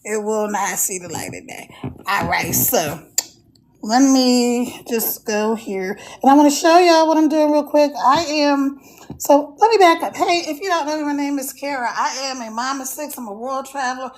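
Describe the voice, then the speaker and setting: A woman's voice: high-pitched, moderate pace. A woman hosting a casual phone live stream, chatty and repetitive, greeting viewers by name. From United States. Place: mountains of Virginia.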